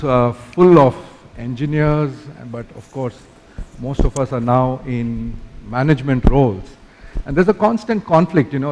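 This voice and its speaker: A man's voice: medium pitch, a little mellow. A man moderating a conference session, telling a long anecdote in a chatty way with many fillers. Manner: chatty, fond of fillers like "you know". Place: large conference hall. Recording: long hall reverb.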